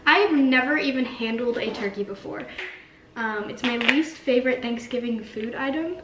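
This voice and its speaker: High-voiced young woman vlogging, rambling. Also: moderate pace, reverberant, background noise. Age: young adult. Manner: chatty, rambling, self-mocking. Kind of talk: casual cooking vlog.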